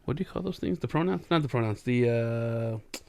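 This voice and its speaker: A man from California chatting casually on a podcast, often pausing and searching for words with fillers. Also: mid-range voice, expressive, mellow. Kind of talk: casual chat.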